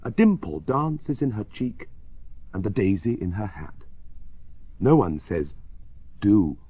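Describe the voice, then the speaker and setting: Husky, slow, highly expressive male storyteller. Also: no echo. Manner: very expressive, sing-song storytelling. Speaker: reader. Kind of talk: children's story reading.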